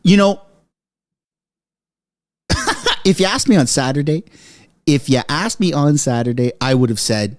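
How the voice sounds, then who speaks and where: A man reacting live to breaking news from his basement, excitable and out of breath, yelling one moment and muttering the next. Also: fairly high pitch, unhurried, long pauses. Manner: excitable, shouting, swinging from frantic to muttering. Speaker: political commentary streamer. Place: home basement.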